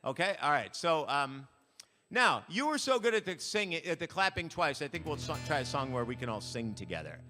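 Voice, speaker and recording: Male frontman, higher-pitched, playful deadpan stage patter, echoing church hall. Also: brisk, faint music behind. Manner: playful deadpan jokes to the audience. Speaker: band frontman. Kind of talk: stage banter at a church concert. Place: church sanctuary. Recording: live in a church hall, reverberant, with instruments.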